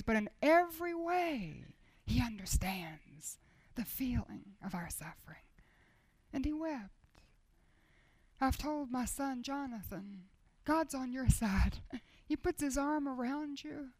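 A high-pitched woman delivers a sermon with fervent intensity. She pushes her voice up into loud, insistent appeals, then sinks into soft, near-whispered passages. The sound is dry and close, with no room around it. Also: dry recording. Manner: intense, swings between loud urging and hushed near-whispers. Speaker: speaker at a Christian women's gathering.

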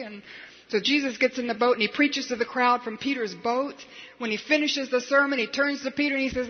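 A male preacher telling a story in a sermon, animated and rising to emphatic peaks, on a dull lo-fi recording. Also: very high-pitched, brisk. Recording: dull lo-fi recording with faint hiss.

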